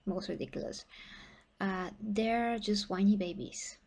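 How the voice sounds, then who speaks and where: A woman's voice: medium pitch, unhurried, a little mellow, breathy edge. A young woman talking casually to her viewers about fitness in a blunt, chatty way, with many fillers and restarts. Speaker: fitness vlogger. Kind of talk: casual livestream talk to viewers.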